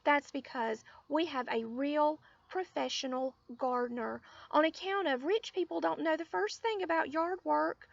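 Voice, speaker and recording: A woman voicing a bossy, excitable little rich girl in a storybook reading. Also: measured pace, vocal fry, few pauses. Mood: bragging. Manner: shrill, showy and excitable. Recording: dull lo-fi audio.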